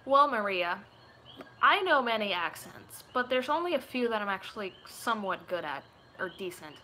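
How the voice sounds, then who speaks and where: A woman's voice: mid-range voice, big pitch swings, moderate pace, pushed and bright, slight background noise. A woman, chatting casually and rambling through viewer questions, giggling often. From Puerto Rico. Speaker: gaming YouTuber.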